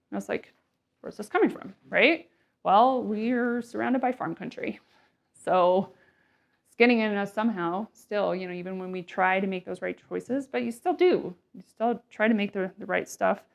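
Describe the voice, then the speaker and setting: A woman in her thirties or forties gives a relaxed health talk as a nurse practitioner. She rambles a little, stacks fillers and asides, and slips into short quoted voices for the listener. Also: mid-range voice, vocal fry. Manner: chatty, many fillers and asides, acts out quotes. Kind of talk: casual health presentation.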